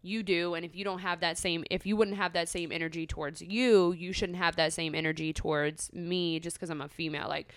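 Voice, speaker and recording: A young podcast co-host tells a story in casual chat, animated and packed with "like" and other fillers. Her fairly low, clear, resonant voice runs fairly quickly with few pauses. The sound is dry and studio-clean.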